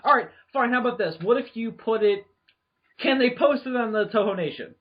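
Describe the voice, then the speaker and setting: A man's voice: very high voice, a little fast, slightly rough. A man hosting a casual podcast chat, teasing his co-hosts and laughing often. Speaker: podcast host. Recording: dull lo-fi podcast audio.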